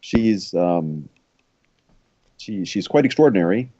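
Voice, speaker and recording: A man's voice: low-pitched, animated, slow, dark tone, slightly rough, no echo, exaggerated voice. A man playing a stammering courtly noble. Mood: flirting. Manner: stammering, courtly speech with many restarts. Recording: dull lo-fi mic.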